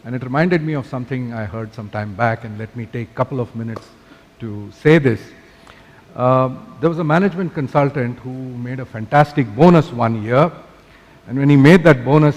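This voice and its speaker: A man's voice: medium pitch, darkish tone, dull audio. A man moderating a conference session, telling a long anecdote in a chatty way with many fillers. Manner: chatty, fond of fillers like "you know". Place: large conference hall. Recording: long hall reverb.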